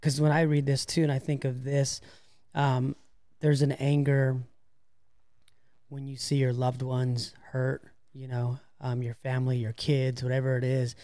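A man co-hosting a podcast, talking reflectively and hesitantly with many pauses. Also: medium pitch, monotone, dark tone, no room sound. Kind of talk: casual discussion.

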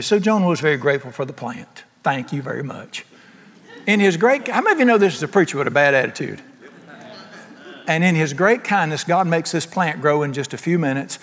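A preacher with a fairly high voice works through his sermon, joking and firing off rhetorical questions. His voice carries a long reverb, as if it rings through a large sanctuary. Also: a bit bright. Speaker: pastor.

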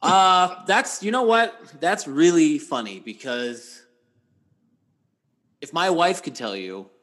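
Animated, swearing middle-aged man. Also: on the high side, slow. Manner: animated storyteller, swearing, acts out his outbursts. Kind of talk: casual chat.

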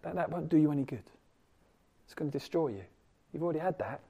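A man preaching a sermon, animated, swinging from loud emphasis to hushed asides. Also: fairly high pitch, brisk, vocal fry, long pauses, breathy edge.

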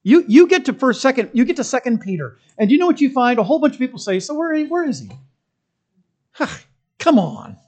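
This pastor's voice is very high, with large pitch swings, and he talks fast. Preaching in church, he moves between forceful stresses, hushed asides and comic stories in an emphatic, conversational way.

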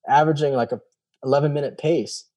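The audio is dull, and the man's voice is a little high and fast. He's a guest relating a personal story in casual talk, animatedly acting out quoted dialogue amid many fillers and repeated "I was like."

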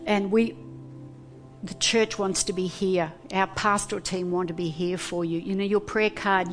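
A woman pastor giving a sermon, earnest and deliberate, pausing between phrases. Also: medium pitch, steady tone, soft background music.

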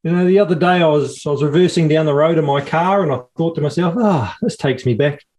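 A man's voice: fairly high pitch, steady tone, fast, darkish tone. A man, co-hosting a podcast in playful casual chat. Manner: playful, laughs often. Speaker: podcast co-host.

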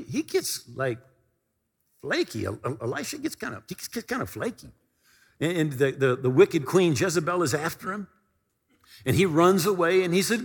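A man's voice: high voice, fairly bright tone, big-room sound. A male pastor preaching a sermon with fervent, emphatic delivery and repeated phrases.

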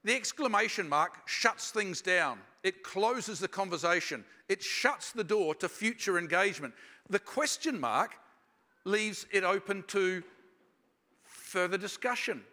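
A high, bright man preaching a sermon, reflective and unhurried, leaning into his stories. His voice carries a long reverb from a big hall. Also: expressive. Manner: reflective, slows down for emphasis. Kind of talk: sermon with personal storytelling.

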